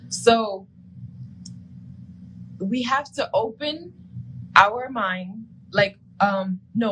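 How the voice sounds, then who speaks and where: A woman's voice: medium pitch, slow, pauses often, fairly bright tone, a little hiss or hum, poor audio. A woman co-hosting a casual live-stream show and breaking down astrology, talking loosely with lots of "like" and often laughing. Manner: chatty, uses "like" a lot, laughs often. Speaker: co-host.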